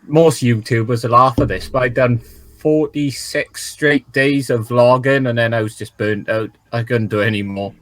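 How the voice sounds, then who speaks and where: A man's voice: medium pitch, fairly even intonation, normal speed, a bit bright, no echo. A man from Wales, a guest on a podcast, chatting casually about his experiences. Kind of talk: casual chat.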